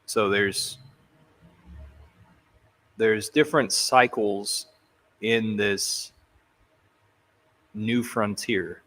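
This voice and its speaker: Slow, low-voiced man thinking aloud. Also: fairly even intonation, fairly bright tone. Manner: halting, thinking aloud with restarts. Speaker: crypto commentator. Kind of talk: casual commentary on clips.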